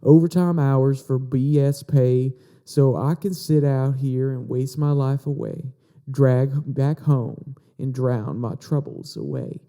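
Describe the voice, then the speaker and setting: A man's voice: medium pitch, slow, warm tone. A man putting on a drawling Southern country singer. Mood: weary. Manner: drawling, put-on Southern twang. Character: weary working-class Southern country singer, male.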